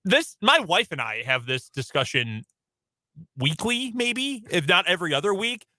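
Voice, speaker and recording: A man from the Chicago area with an Upper Midwest accent co-hosts a sports radio show, rambling chattily and laughing readily. His high-pitched voice swings widely in pitch and sounds pushed and bright, recorded on a studio mic with no echo.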